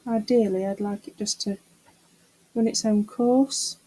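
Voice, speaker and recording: A woman's voice: mid-range voice, fairly even intonation, unhurried, mellow, husky, rough recording. A middle-aged woman chatting casually to camera while doing a resin craft, muttering to herself and teasing herself about her mess. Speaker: craft vlogger.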